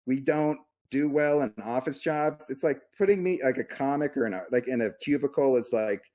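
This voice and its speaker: A man's voice: medium pitch, normal speed, warm tone. A man in his thirties, a comedian and podcast co-host, telling a rambling, self-mocking story in casual chat.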